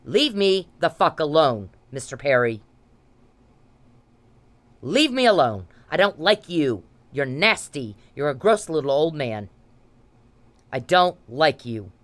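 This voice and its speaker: A woman's voice: low-pitched, sing-song, slow, pauses often. Furious woman ranting at the camera. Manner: confrontational, swearing, repetitive demands. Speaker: vlogger. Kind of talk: angry direct-to-camera rant.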